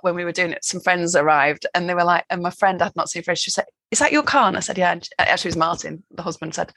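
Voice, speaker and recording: A woman from England co-hosting a podcast, chatting casually and telling funny stories with animated delivery and frequent laughter. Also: lowish voice, dry recording. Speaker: podcast co-host. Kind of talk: casual chat.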